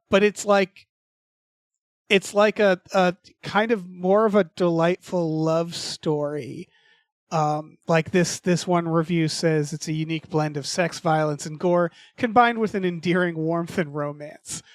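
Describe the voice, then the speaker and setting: A man's voice: fairly high pitch, steady tone, unhurried, no echo, clean studio sound. A man co-hosting a podcast in casual chat, rambling with many fillers and restarts. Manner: rambling, hesitant, full of fillers. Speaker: podcast co-host.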